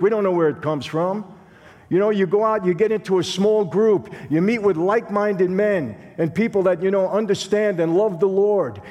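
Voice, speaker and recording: This man's high-pitched voice carries a darkish tone and a Brooklyn accent. Hailing from Brooklyn, New York, he delivers a streetwise, conversational testimony sermon as a guest speaker, playing out dialogue, recorded with long hall reverb.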